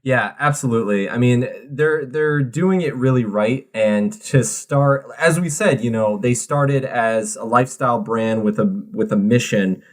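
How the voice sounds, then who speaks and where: A man's voice: medium pitch, unhurried, hardly any pauses. Easygoing man co-hosting a podcast. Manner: easygoing, laughs readily, loose restarts. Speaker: podcast co-host. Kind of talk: casual podcast chat.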